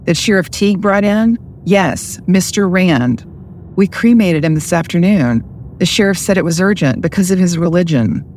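A woman's voice: fairly low pitch, expressive, normal speed, darkish tone, slight background noise, natural voice. A woman voicing a shaken older small-town mortician who stammers in a fluster.

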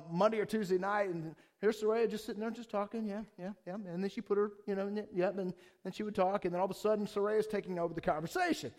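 High-voiced enthusiastic man preaching. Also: a little mellow. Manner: enthusiastic, conversational, frequent restarts and rhetorical questions. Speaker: pastor. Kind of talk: sermon.

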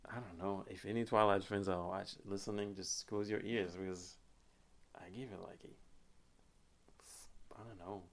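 A man's voice: low voice, steady tone, unhurried, vocal fry, long pauses. A young man hosting a podcast, talking in a rambling, casual way with frequent laughs and restarts. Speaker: podcast host. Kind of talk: casual chat.

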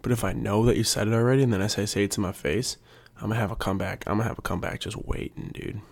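A man's voice: lowish voice, steady tone, rapid-fire, vocal fry. A young adult man, a PE teacher, rambling in a casual, jokey monologue and working himself up. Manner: jokey, self-mocking, gets worked up.

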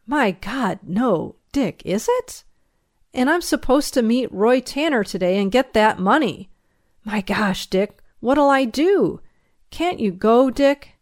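A woman's voice: on the high side, sing-song, a little slow, dry recording, studio quality, voice pushed up. A woman reading the part of a young male moonshiner in jail, pleading in a raised, strained voice. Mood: desperate pleading.

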